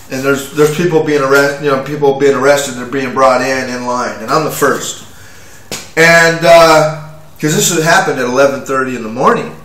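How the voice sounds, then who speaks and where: A man's voice: on the high side, a bit bright, roomy sound, distant mic, poor audio. Forties male, uneasy rambling storyteller, stumbling restarts, tense edgy tone. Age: 40s. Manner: agitated, halting, with many restarts and fillers. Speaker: vlogger telling his own story. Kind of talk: rambling first-person account.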